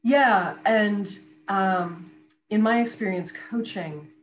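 A woman voice coach in a conversational interview, talking in an articulate, animated and explanatory way. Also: medium pitch, takes it slowly, slight background noise, rough recording. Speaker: voice coach and radio guest.

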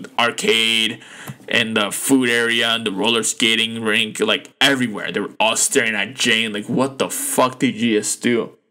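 A man talks through a solo podcast in a loose, rambling way, full of "like" and "you know" and casual swearing. His voice has a bright, forceful edge, and it jumps up when something bothers him. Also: medium pitch. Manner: rambling, loose and profane, full of fillers and restarts; animated, voice jumping up when indignant. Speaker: podcast host.

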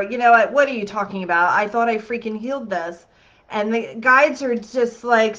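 A woman's voice: on the high side, a bit bright, highs cut off. A woman hosting a healing masterclass. She talks the group through an exercise in an upbeat, chatty way and often checks in with "okay?".

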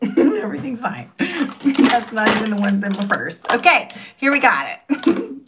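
A woman's voice: a little high, big pitch swings, a little slow, background noise. A young woman, chatting casually and laughing often as she tries makeup products. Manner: giggly, rambling, self-mocking. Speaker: beauty vlogger. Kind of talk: casual chat.

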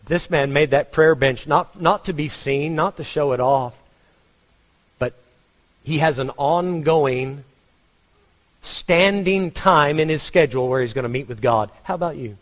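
A man's voice: a little high, unhurried, pauses often, long reverb tail. A man with a Texan accent preaching a conversational sermon, asking his congregation questions. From Texas. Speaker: pastor.

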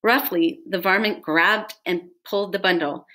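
A woman reading a storybook aloud to children as a teacher, pausing to ask her listeners questions. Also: mid-range voice, bright, forceful tone.

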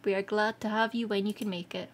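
A Scottish woman streaming live, chatting casually with viewers, excitable and quick to laugh. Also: medium pitch, a little hiss or hum. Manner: excitable and giggly, laughs often. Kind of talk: casual livestream chat.

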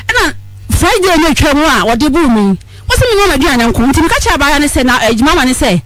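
A woman's voice: high voice, expressive, fast talker, dry recording, rough recording. A Ghanaian woman calling in to a radio show, telling her story in a tearful, pleading way that rises into outbursts. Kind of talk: emotional phone-in testimony.

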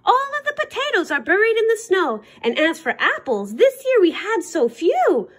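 Lady doing a gentle sensible mama in a kids book. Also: extremely high pitch, wildly swooping pitch, moderate pace, full character voice. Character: gentle, sensible village mother.

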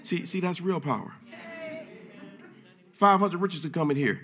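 A man preaching a sermon in church with a bright, forceful voice. He talks in a casual, slangy way. He drops to low murmurs and then builds to loud shouting. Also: animated, measured pace. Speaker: pastor.

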